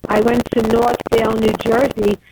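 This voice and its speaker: A woman's voice: a little high, flat delivery, normal speed, very noisy. A woman from Brooklyn, calling in to a radio show, chatty and earnest. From Brooklyn, New York. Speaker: caller. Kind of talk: phone-in call.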